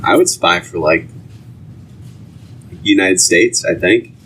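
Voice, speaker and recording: A deep-voiced man co-hosting a casual podcast. He speaks haltingly, stopping and restarting with plenty of fillers. Faint room ambience sits behind him. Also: a bit bright, slight background noise, poor audio. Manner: halting, hesitant, lots of fillers. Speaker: podcast co-host. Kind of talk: casual chat.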